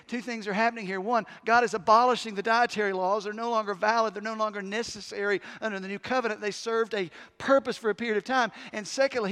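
A man with a high-pitched voice preaches a sermon in a church sanctuary, his words trailing off into a long hall reverb. He talks to the congregation in a conversational way, then suddenly hits words hard and loud for emphasis. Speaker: pastor.

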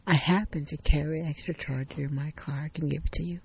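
A man voicing a calm, polite highway patrol officer who speaks steadily and reassuringly. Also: brisk, gravelly, slightly rough.

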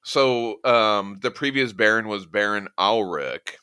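A man's voice: on the low side, takes it slowly, pushed and bright, clear, resonant tone, dry recording, clean studio sound. A man hosting a casual podcast, retelling comic book scenes and quoting characters. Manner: retells scenes with quoted lines. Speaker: podcast host.

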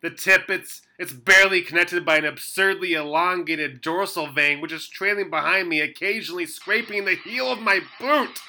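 A man acting as a frantic, melodramatic police officer in a comedy sketch, stammering and yelling in panic. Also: sits high, normal speed, few pauses, slight background noise, low-quality recording.

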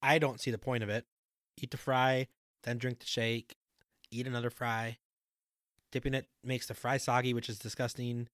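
Young guy co-host, middle pitch, dry sound, laid back and practical. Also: normal speed, pauses often, no room sound. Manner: calm, matter-of-fact reasoning. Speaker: podcast co-host. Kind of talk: casual chat.

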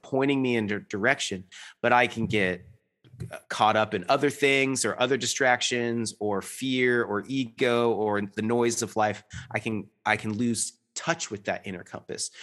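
A man's voice: medium pitch, sharp tone. A man in his thirties talking in an earnest, rambling way, full of restarts and fillers, as a guest in a reflective conversation.

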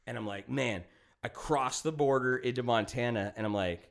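A man's voice: mid-range voice, a little fast. Male podcast host in his thirties, casual and profane storyteller. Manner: profane, animated, acts out quotes.

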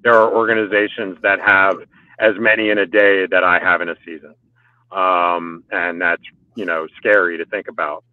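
A man with a deep, low voice chats loosely about coaching motorcycle riders, stacking fillers and restarts as he goes. He is heard over a narrow, phone-like line. The sound is dry, with no room around it. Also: level tone, moderate pace, dry recording. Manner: rambling, filler-heavy talk with restarts. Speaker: motorcycle track day organizer and riding coach. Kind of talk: casual podcast chat. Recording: phone-like call audio.

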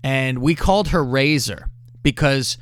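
Speaking a bit slowly at a medium pitch, this podcast host spins crude, animated tales. Profanity runs through nearly every line.

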